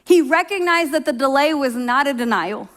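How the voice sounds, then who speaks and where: A woman's voice: sits high, animated, moderate pace, a bit bright. A middle-aged woman from Oklahoma preaching a sermon in a conversational, storytelling way, acting out quoted voices. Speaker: pastor.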